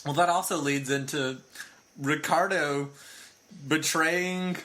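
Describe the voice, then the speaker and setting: Man, bright forceful voice, a bit high, joking, casual podcast chat. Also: fairly even intonation, takes it slowly. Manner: joking, laughs often. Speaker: podcast co-host.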